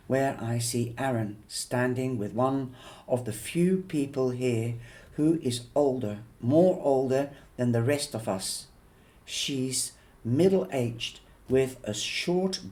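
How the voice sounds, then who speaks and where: Slow, measured male audiobook reader. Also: mid-range voice, warm tone. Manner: slow, measured, with occasional fillers and restarts. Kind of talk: reading a novel aloud.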